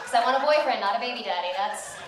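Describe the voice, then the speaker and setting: A young woman works through a stand-up set with dry, self-mocking delivery. Her voice sits a little higher than most women's. The recording catches her from out in the room, so the club's strong echo surrounds every line. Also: quick pace, background noise. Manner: deadpan, self-mocking punchlines. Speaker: stand-up comedian. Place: comedy club stage. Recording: echoey club, voice from far off.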